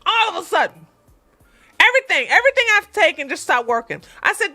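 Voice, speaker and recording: A woman's voice: very high voice, big pitch swings, a little fast, pushed and bright, soft background music. A woman hosting an advice channel, telling a story to her viewers bluntly and animatedly, repeating herself for emphasis. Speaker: relationship advice channel host.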